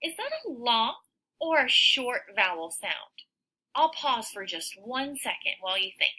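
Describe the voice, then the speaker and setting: A woman teaching a phonics lesson to young children, sounding out words slowly and cheering her listeners on. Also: fairly high pitch, low-quality recording. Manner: slow, sounds out words, animated encouraging teacher voice.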